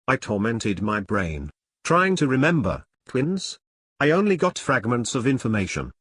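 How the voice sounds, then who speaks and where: A man narrating his own novel in the first person, reading at a measured pace. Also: medium pitch, husky, dry recording. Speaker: author and narrator. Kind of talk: audiobook narration.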